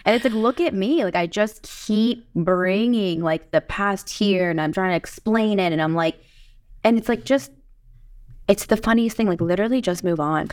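A young woman podcast co-host telling stories in an animated, chatty way with lots of quoted asides. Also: medium pitch, moderate pace, dry recording, clean studio sound. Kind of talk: casual conversation.

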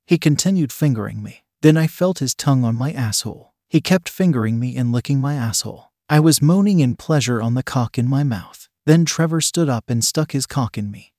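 Guy reading a story out loud, steady and unhurried, dry close sound. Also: mid-range voice, no echo. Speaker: story reader. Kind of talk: reading an adult story aloud.

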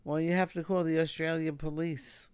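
A woman's voice: sits low, little pitch movement, normal speed, darkish tone, clear, resonant tone, no echo, studio quality, close to an everyday voice. An older woman voicing a patient, matter-of-fact female emergency dispatcher. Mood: deadpan.

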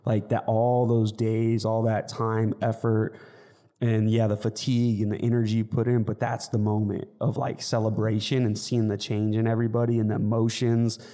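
A man's voice: lowish voice, monotone, normal speed, warm tone. A man co-hosting a fitness podcast, talking earnestly in a casual, rambling way with many restarts. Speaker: fitness coach, podcast co-host.

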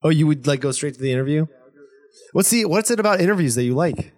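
A young man hosts a podcast in casual chat, his voice somewhat high. He talks in halting, defensive bursts, often restarting, and the sound is dry and close. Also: lively intonation, a little mellow, dry recording. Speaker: podcast host.

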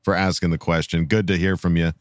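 A man's voice: low-pitched, flat delivery, a little fast, dry recording, clean studio sound. A man hosting a fan podcast, chatting casually and reading listener messages aloud with mock-grand delivery.

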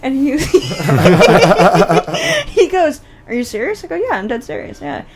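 A woman co-hosting a podcast, telling stories with wry, deadpan humor and laughing often. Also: sits high, slow pace. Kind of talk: casual chat, storytelling.

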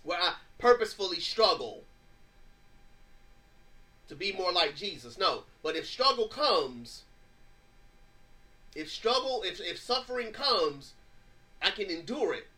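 A man's voice: high voice, big pitch swings, unhurried, pauses often, sharp tone. A married man, the show's host, giving a fervent, preacherly testimony with rising and falling emphasis. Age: adult, married. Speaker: podcast host.

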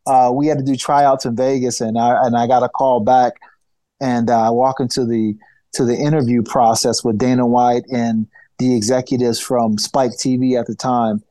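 Male interview guest, lively storyteller, middle pitch, close dry mic. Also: normal speed, no echo. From United States. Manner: animated storyteller, acts out quoted voices, restarts often. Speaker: podcast guest, former fighter.

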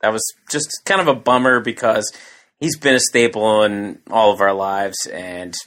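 A man's voice: fairly low pitch, steady tone, moderate pace, a bit bright. A man co-hosting a podcast in casual chat, blunt and opinionated, often starting sentences hesitantly. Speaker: podcast co-host.

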